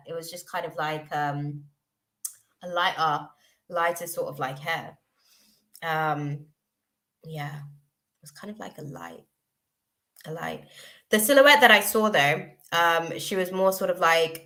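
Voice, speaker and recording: A woman's voice: sits low, sharp tone. A woman giving a live tarot reading, hesitant and chatty, with many fillers as she searches for words. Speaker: tarot reader.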